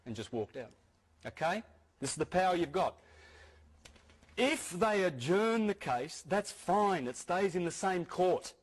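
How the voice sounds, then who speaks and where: A man's voice: fairly high pitch, lively intonation, normal speed, slightly rough. A man giving a talk to an audience, earnest, repeating key phrases and restarting his sentences often. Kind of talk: lecture-style talk to an audience.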